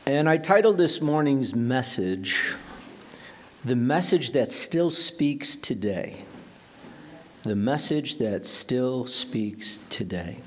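Slow, earnest preaching man. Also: mid-range voice, expressive. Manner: earnest, dramatic storytelling with prayerful pauses. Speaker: pastor. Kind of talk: sermon.

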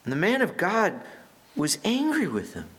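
Man, pastor, sermon, earnest, conversational, fairly high voice. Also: wildly swooping pitch, moderate pace, fairly bright tone, husky. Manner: earnest, conversational, with frequent restarts.

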